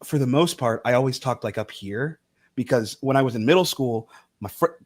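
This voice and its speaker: A man's voice: mid-range voice, animated, normal speed. A man on a video call chatting casually as a cast member, laughing often and poking fun at himself. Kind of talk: casual group chat.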